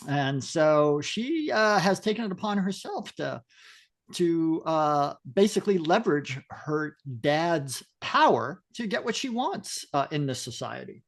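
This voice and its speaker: A man co-hosting a podcast, describing comic panels casually with many pauses and fillers. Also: a little high, sing-song. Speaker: podcast co-host. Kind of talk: casual chat about a comic.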